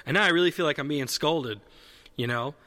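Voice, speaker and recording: A man with a bright, forceful voice and a slightly high pitch, telling a rambling comedic story in an easy, casual way. He corrects himself mid-sentence, circles back often and swears without a second thought. The sound carries a long hall reverb. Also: a little fast.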